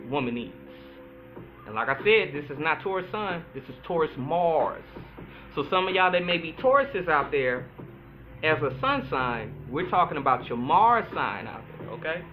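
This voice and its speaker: Guy doing a solo podcast, pretty high voice, bouncy delivery, tinny phone sound. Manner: animated, chatty, playful, drawls some words slowly. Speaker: podcast host, astrologer. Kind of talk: casual solo talk.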